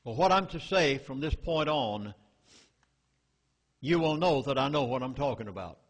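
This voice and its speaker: In a meeting hall with echoey reverb, a Southern US-accented man addresses a live audience in a medium-pitched voice with lively intonation and normal speed. His public lecture is urgent and emphatic, full of dramatic warnings.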